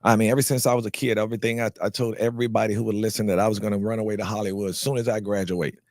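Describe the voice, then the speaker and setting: Rapid-fire and low-pitched, an actor from North Carolina tells his life story to an interviewer, animatedly acting out the people he quotes and repeating words as he restarts. It's a studio-quality recording with no echo.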